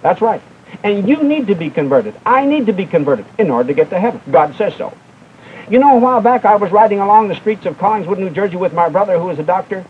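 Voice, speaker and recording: A man's voice: high-pitched, animated, quick pace. A young man preaching a televised sermon with fervent, emphatic delivery, rising and falling as he drives each point home. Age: young adult. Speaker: evangelist preacher. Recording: tinny old broadcast recording with faint hiss.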